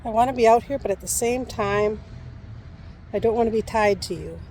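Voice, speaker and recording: Woman putting on a female parrot's voice, grumbly, low, soft, high-pitched woman underneath. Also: moderate pace, a little hiss or hum, close to an everyday voice. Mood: grumbling.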